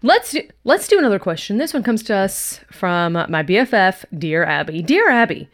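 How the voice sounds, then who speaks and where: A woman's voice: mid-range voice, moderate pace. A woman co-hosting a casual podcast chat, teasing and playful as she reads listener letters aloud. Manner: playful, teasing, animated reading. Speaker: podcast co-host.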